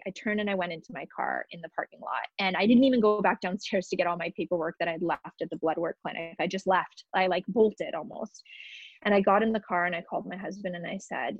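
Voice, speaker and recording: A woman in her thirties, a podcast guest, telling a personal story in an emotional, halting way with many fillers and restarts. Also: medium pitch, slightly rough, no room sound, dull audio.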